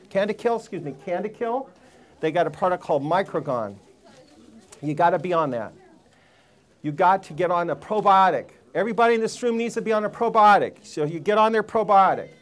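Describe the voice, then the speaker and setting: A man giving a live seminar talk to a room full of people, emphatic and preachy, firing rhetorical questions at the audience. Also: high-pitched. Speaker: health seminar speaker.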